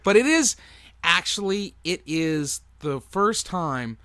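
Male co-host, animated intonation, dry asides, dry close sound. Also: high voice, slow, dry recording. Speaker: podcast co-host. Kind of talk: casual chat.

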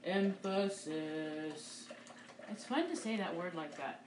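A woman's voice: on the low side, sing-song, a little fast, reverberant, very noisy. A woman art teacher giving a live painting demonstration, upbeat and encouraging as she talks through each stroke. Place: art studio.

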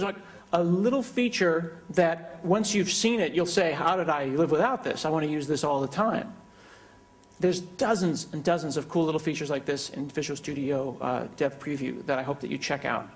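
A man delivering a conference keynote with a live software demo, talking in a loose, joking, conversational way. His voice sits a little on the higher side for a man. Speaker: keynote speaker.

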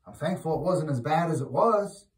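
A man giving an informal, conversational sermon who grows loud and emphatic when he exhorts. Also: a little high, lively intonation, normal speed. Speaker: preacher. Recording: roomy echo, mic at a distance.

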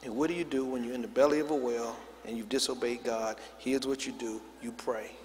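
A pastor preaches in a large church sanctuary, calling on the congregation to repeat his words and answer him back. His medium-pitched voice moves fairly quickly with fairly even intonation, and the recording carries background noise and the long reverb of a big hall.

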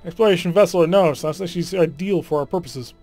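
A man's voice: high-pitched, a little fast, a little mellow, faint music behind. A man voicing a chatty, proud female ship engineer in a game, putting on an accent that he admits he cannot do. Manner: attempted accent, awkward.

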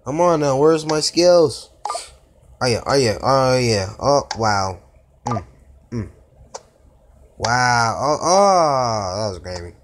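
A man talks through mobile gameplay, quick to exclaim and groan at every try. The phone recording has clear background noise and tapping clicks. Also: mid-range voice, lively intonation. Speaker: gaming YouTuber. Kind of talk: casual mobile gameplay commentary.

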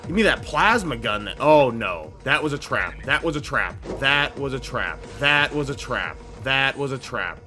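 A young man giving casual, slangy let's-play commentary, breaking into loud excited outbursts and repeating phrases. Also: mid-range voice, moderate pace, few pauses. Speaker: gaming YouTuber. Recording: game music playing behind voice. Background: game music.

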